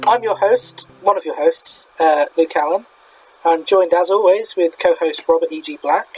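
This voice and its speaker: A man's voice: a little high, moderate pace, slightly rough, faint music behind, low-quality recording. A man with a British accent hosting a podcast in casual chat, chatty and self-deprecating, often stumbling and restarting. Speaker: podcast host.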